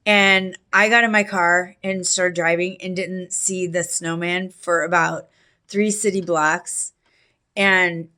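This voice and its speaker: A middle-aged woman telling a personal story in a casual, rambling way, full of fillers and restarts, with allergies that make her clear her throat. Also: on the low side, steady tone, slow pace, bright, forceful tone.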